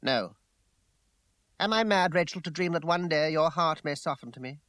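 A smooth-talking gentleman suitor pleads in an earnest, coaxing way, as a male audiobook reader puts him on. His lines are slightly high and sometimes slow. The recording is dry and close. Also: no echo, natural voice. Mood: pleading. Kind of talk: audiobook character voice.

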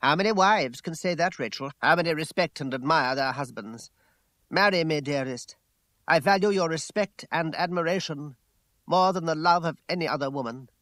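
A man doing a smooth, pleading gentleman suitor. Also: fairly high pitch, dry recording, natural voice. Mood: coaxing. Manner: earnest, coaxing, sometimes slow. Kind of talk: audiobook character voice.

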